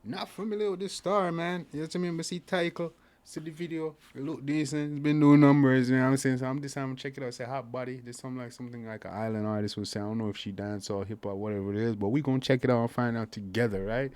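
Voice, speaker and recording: A man's voice: medium pitch, fairly even intonation, quick pace. A man hosting a music reaction video, talking in hyped, slangy casual commentary mixed with patois. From Jamaica. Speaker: music reaction channel host. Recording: loud music playing underneath.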